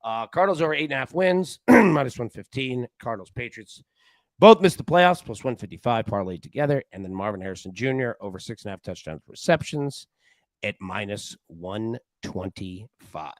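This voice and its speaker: A man hosting a sports betting show in casual chat, an animated, rambling storyteller who often restarts his sentences. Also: mid-range voice, normal speed, no room sound. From Tennessee.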